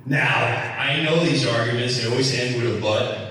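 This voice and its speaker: A middle-aged man telling a rambling, animated comic story as host, acting out the people in it. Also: medium pitch, brisk, crowd noise. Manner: rambling, animated, acts out voices. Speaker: comedian host. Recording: echoey room from far off.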